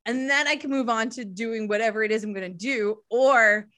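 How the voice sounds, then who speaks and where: A woman's voice: a little high, normal speed. A middle-aged woman, hosting a podcast and telling stories in casual chat, swearing freely. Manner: animated storytelling, swears casually. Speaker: podcast host.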